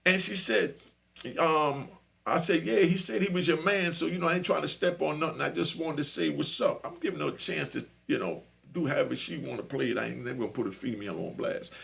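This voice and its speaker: Middle-aged male storyteller, gravel in the voice, laid-back street slang, keeps checking in with the listener. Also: a little high, fairly quick, fairly bright tone. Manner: loose street slang, frequent "you know what I mean". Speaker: podcast host telling a prison story. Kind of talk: casual storytelling.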